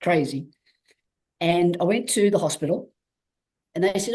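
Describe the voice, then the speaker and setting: Unhurried and pausing often, this Australian woman speaks on the low side. As an interviewed guest athlete, she recounts her story openly and animatedly, performing the dialogue she quotes amid frequent restarts.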